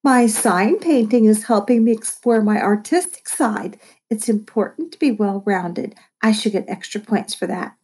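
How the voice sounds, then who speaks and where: A smug, bratty girl trading snappy comebacks, as a woman reads her lines. Her voice rises high above the reader's own, with a slightly husky edge. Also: moderate pace, a little mellow, natural voice.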